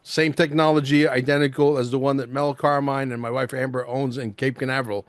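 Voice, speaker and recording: A male host in casual interview chat, excitable and rambling, peppering his talk with "bro" and "like". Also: mid-range voice, fairly quick, no room sound.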